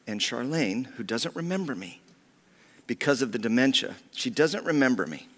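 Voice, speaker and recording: A man preaching a sermon as pastor, heartfelt and personal, often sinking to a hushed whisper. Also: medium pitch, very animated, moderate pace. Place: church sanctuary. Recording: long reverb of a church hall.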